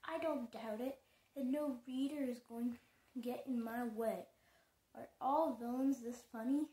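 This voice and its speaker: A woman's voice: a little high, fairly even intonation, a little slow, mellow, voice pushed up, lightly acted. A woman voicing a vain schoolgirl in a storybook reading, haughty and amused. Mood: mocking. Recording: echoey room.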